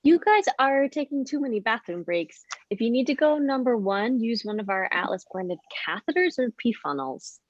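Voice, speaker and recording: A woman's voice: a little high, animated, moderate pace, hardly any pauses, no room sound, highs cut off. A woman reading a mild, nerdy warehouse manager in her forties in a comedy table read. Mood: matter-of-fact.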